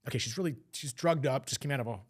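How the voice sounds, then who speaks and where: Man, podcast guest, rapid emotional storytelling, mid-pitched. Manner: fast, emotional retelling with acted quotes. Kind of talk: personal storytelling.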